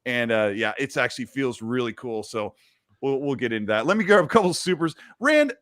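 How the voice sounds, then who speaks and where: A man's voice: medium pitch, fast, fairly bright tone, no room sound, studio quality. A man hosting a casual gaming livestream, chatting loosely and reading viewer messages aloud. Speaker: host.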